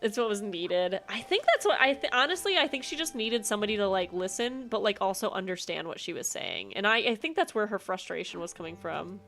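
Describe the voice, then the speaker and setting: Brief: young woman gaming streamer, rambling and chatty, medium pitch, lots of fillers. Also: big pitch swings, brisk, vocal fry, hardly any pauses, a bit bright. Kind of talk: casual gameplay commentary.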